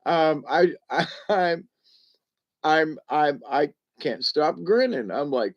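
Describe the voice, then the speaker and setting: Slow, amused man in his seventies. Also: fairly high pitch, expressive, muffled recording. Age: 70s. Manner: amused, chuckles often, rambling with restarts. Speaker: livestream host reading chat. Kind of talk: casual rambling livestream chat.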